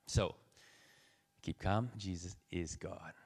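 Man preaching, low voice, chatty sermon, teases the crowd, builds energy. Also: slow, breathy edge. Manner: conversational preaching, teasing the audience, rising energy.

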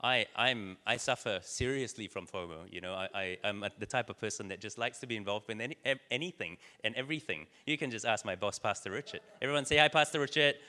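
A man with a lowish, bright, forceful voice delivers a casual sermon, rambling through stories with plenty of fillers and restarts. The sound rings with a long echo in a church hall. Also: quick pace, few pauses. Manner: storytelling with many fillers and restarts. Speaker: church speaker.

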